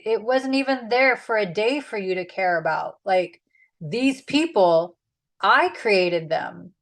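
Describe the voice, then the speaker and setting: A woman's voice: mid-range voice, a bit bright. Exasperated God, casual and slangy in his scolding; a woman doing the voice.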